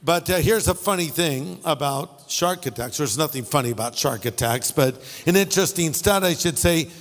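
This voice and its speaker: A man's voice: on the high side, moderate pace, long reverb tail. A middle-aged male pastor preaching a sermon, telling funny stories and making wry asides. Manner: storytelling with jokes and asides. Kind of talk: humorous sermon.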